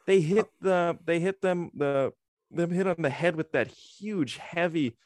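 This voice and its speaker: A man co-hosting a podcast in casual chat, lively and critical. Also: on the high side, unhurried. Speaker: podcast co-host.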